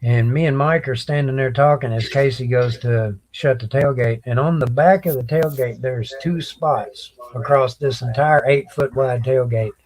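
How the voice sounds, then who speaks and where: A plainspoken man telling a story on a casual stream. He takes his time with a relaxed, matter-of-fact delivery. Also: mid-range voice, low-quality recording. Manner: laid-back, plainspoken, drawn-out telling. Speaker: co-host.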